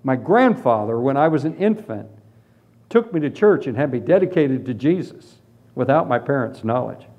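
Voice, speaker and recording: A man preaching a humorous sermon testimony, telling his story in an animated, self-deprecating way. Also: mid-range voice, moderate pace. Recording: dull lo-fi recording.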